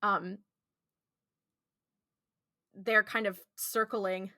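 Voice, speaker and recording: Bright, animated woman retelling scenes. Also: medium pitch, drawn-out words, no room sound, studio quality. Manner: animated retelling, acting out characters' lines. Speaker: podcast co-host. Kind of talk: casual recap of a TV episode.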